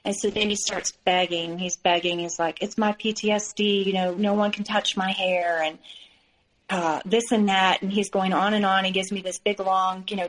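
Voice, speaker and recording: A woman's voice: fairly low pitch, a bit bright, poor audio. Frank woman telling her story. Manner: frank, conversational storytelling with many fillers. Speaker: guest. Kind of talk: personal story in an interview.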